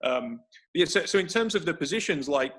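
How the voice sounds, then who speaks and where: A man's voice: a little high, expressive, brisk, a bit bright. A man explaining breathing techniques for grappling over a video call, thinking aloud with frequent restarts. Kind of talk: explanatory conversation.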